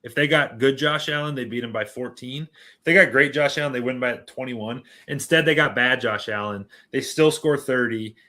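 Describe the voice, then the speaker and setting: A man's voice: medium pitch, normal speed, pushed and bright. A man co-hosting a sports podcast, arguing his takes emphatically and repeating points for punch. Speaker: podcast co-host. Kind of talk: casual sports chat.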